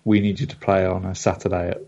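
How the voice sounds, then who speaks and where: A man with a fairly low voice chats about football, cracking jokes and stumbling over his words. His audio comes through dull and lo-fi, as if recorded on a modest mic. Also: level tone, quick pace, vocal fry, a little mellow. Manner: jokey, hesitant with fillers. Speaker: podcast co-host. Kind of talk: casual football podcast chat.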